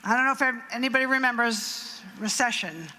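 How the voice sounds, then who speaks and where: A woman's voice: a little high, brisk, pushed and bright. A middle-aged woman giving a speech at an event, telling a story with acted quotes and asides. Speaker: nonprofit founder giving a speech. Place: event hall. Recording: reverberant hall, faint noise.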